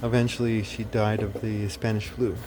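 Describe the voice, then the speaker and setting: A man's voice: lowish voice, level tone, moderate pace, darkish tone, a little hiss or hum. A man talking casually to the camera, rambling and blunt, full of fillers, restarts and swearing. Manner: profane, blunt. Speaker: video host.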